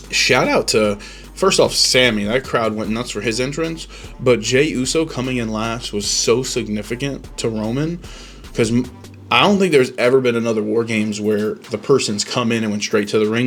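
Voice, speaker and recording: A man's voice: medium pitch, normal speed, soft background music. A man hosting a podcast, giving rambling, opinionated reactions in casual chat, full of ums and restarts. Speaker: podcast host.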